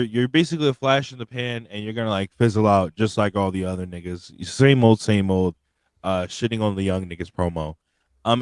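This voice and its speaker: A man's voice: mid-range voice, dry recording. A young man, co-hosting a wrestling show in casual, profane, rambling chat. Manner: animated, profane, rambling with restarts. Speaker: wrestling podcast co-host.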